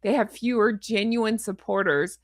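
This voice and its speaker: A woman in mid-range pitch talks through a book in a chatty, wry way, slipping little laughs between her remarks. Her voice sits close and dry, with no room sound around it. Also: steady tone, moderate pace, dry recording. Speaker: commentary channel host. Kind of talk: casual commentary on a book.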